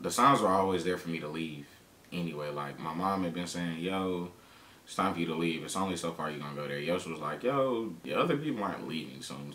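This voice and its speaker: A man candidly telling his own story in a blunt, slangy, emphatic way, swearing freely and sometimes turning preachy. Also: sharp tone. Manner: turns motivational and preachy. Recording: roomy, distant mic, faint rumble.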